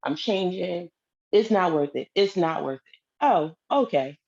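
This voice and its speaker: A woman's voice: fairly low pitch, unhurried, creaky, lo-fi sound. A woman telling a personal story in a casual way, acting out the lines of the people in it. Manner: animated, acts out quoted dialogue.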